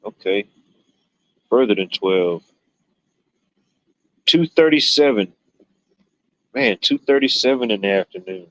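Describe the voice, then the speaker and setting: Man, lowish voice, rambling folksy stream host, casual chat. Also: expressive, takes it slowly, pauses often, a bit bright, no echo, rough recording. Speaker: livestream host. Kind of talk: casual chat reading viewer comments.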